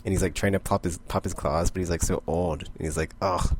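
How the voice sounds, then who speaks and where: A man's voice: deep voice, fairly even intonation, quick pace, slight background noise. A man casually recapping comic books, rambling and full of "like". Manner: rambling, heavy use of "like". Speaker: comic book vlogger.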